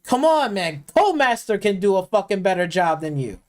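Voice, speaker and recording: A heated live-stream rant from a game streamer, swearing constantly and circling back over the same complaints. Mid-pitched and plainly spoken, they now and then slip into mocking put-on voices to parody bad dialogue. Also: sing-song, brisk, darkish tone. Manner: profane, heated, repetitive. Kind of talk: ranting game review.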